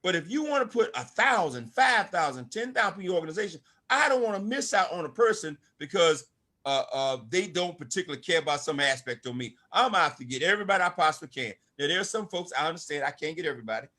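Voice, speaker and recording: High-voiced older man preaching success. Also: sing-song, fast, bright, forceful tone. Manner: preachy, emphatic, calls out to listeners. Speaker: network marketing speaker. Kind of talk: motivational talk to an online audience.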